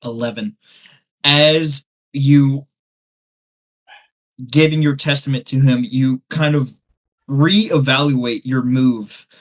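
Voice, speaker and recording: A man's voice: medium pitch, steady tone, slow pace, long pauses, low-quality recording. A man narrating a tabletop game as game master, in a loose, rambling way with many fillers.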